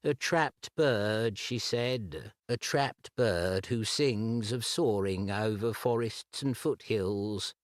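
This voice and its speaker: A shy, heartbroken young suitor, as a man voices him, speaks low and slow, tripping over his words in halting stammers. His voice sits deep and dry, close to the ear. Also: no echo. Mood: wistful.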